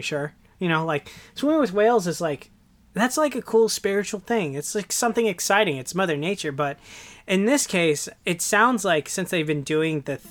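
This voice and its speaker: Guy chatting casually, high clear voice, rambles a lot with likes and ums. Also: a bit bright. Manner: rambling, filler-heavy, restarts. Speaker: podcast co-host. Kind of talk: casual chat.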